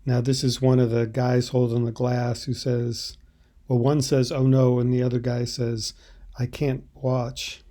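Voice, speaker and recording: A man teaching Italian, explaining subtitle translations in a halting, thoughtful way. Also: medium pitch, monotone, mellow.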